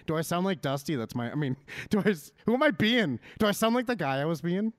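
A man's voice: high-pitched, very animated, fast, no echo, studio quality. A man co-hosting a casual wrestling chat, ranting animatedly and swearing freely. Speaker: podcast co-host.

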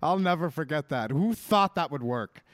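A man's voice: a little high, lively intonation, moderate pace, a bit bright, dry recording, clean studio sound. A man co-hosting a casual wrestling chat, ranting animatedly and swearing freely. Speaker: podcast co-host.

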